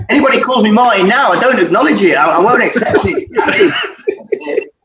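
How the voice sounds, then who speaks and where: A man's voice: extremely high pitch, brisk, over a noisy crowd. A middle-aged man, a former footballer, telling stories in casual chat, swearing often and laughing as he goes. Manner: sweary, laughing, animated storyteller. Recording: echoey, distant, dull audio with faint noise.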